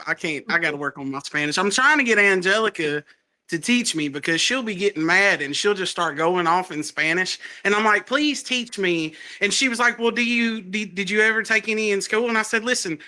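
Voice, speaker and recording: A man with a Southern US accent, a stand-up comedian chatting casually and acting out his stories with lots of laughter. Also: sits high. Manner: animated storytelling, laughs often, acts out quotes. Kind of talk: casual chat.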